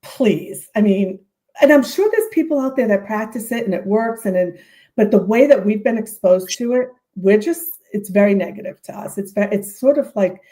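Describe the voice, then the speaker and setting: A woman's voice: medium pitch, animated, moderate pace, mellow. A woman hosting a podcast, talking in an earnest, emphatic conversational way. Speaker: podcast host.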